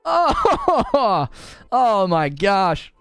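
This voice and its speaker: A young gaming streamer from Northern Ohio chats casually with his live chat, teasing viewers and laughing a lot. His voice is on the high side, sing-song and a little slow, with no echo and soft music playing behind him.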